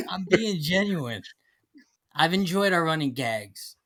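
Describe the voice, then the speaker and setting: Playful podcast guy, bright voice, bouncy up-and-down delivery. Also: fairly high pitch, lively intonation, slow. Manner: playful, upward inflections. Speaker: podcast co-host. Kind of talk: casual chat.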